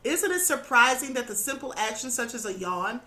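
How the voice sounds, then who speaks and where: Animated and a little fast, a woman with a high, bright voice teaches a spiritual lesson on her own channel. She's earnest and instructive, checks in with "okay?" and "you know," and sounds like she's slightly losing her voice.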